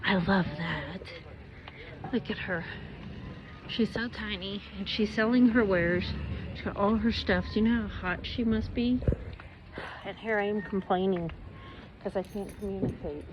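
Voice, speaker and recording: A woman's voice: medium pitch, a little slow, pauses often, muffled recording, background noise. Frank woman venting to camera. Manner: frank, venting, then pep-talking. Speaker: vlogger. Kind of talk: casual vlog, talking to camera while walking.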